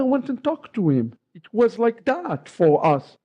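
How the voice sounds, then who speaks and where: A middle-aged man with an Israeli accent, a rabbi giving a lively personal testimony and acting out remembered dialogue. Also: extremely high pitch, measured pace, breathy edge, highs cut off. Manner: lively storyteller who acts out remembered dialogue.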